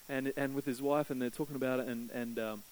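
A man preaching from the pulpit, his voice sitting in a middle register. He tells a story casually and warmly, lifting his pitch when he acts out desperate prayers. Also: steady tone, fast, low-quality recording. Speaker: pastor. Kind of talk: sermon.

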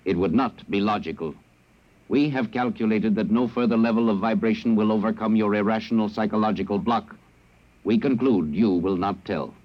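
A man's voice: fairly low pitch, natural voice. A man playing a cold, logical alien captor. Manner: flat, measured, emotionless speech. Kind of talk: 1950s radio drama acting. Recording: dull lo-fi old radio broadcast.

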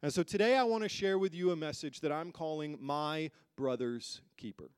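Male pastor, higher pitch, dry close sound; emphatic sermon delivery to a congregation. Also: moderate pace, clean tone, no echo. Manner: emphatic preaching with rhetorical questions. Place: church hall with a congregation.

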